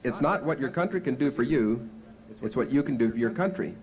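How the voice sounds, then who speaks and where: A man voicing a prim, easily impressed female schoolteacher who gives slow, gushing praise. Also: mid-range voice, expressive, dull audio, natural voice. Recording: home video with festival crowd.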